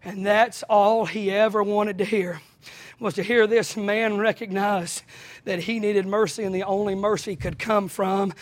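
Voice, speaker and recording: A man preaching a sermon in a church, impassioned, swinging from shouts to hushed asides, his voice straining close to giving out. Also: sits high, steady tone, a little slow.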